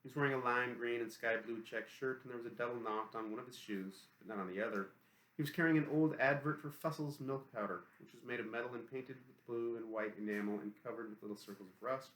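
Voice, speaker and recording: Brisk man narrating an audiobook. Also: medium pitch, a bit bright. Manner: brisk, matter-of-fact, literal reading. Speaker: audiobook reader. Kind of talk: first-person novel narration. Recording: roomy echo.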